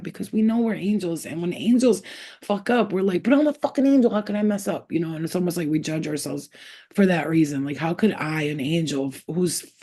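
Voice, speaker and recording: A spiritual healer with a dark, low-pitched female voice gives her viewers a casual pep talk full of swearing. She's blunt and emphatic, addressing the listener directly and hammering the same points again and again.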